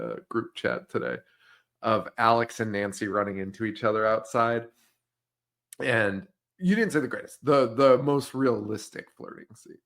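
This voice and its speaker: A man's voice: lowish voice, gravelly. A young man co-hosting a podcast, casually retelling a film's scenes with frequent laughter and quoted lines. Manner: laughs often, animated retelling with quoted voices. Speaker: podcast co-host. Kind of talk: casual movie-recap chat.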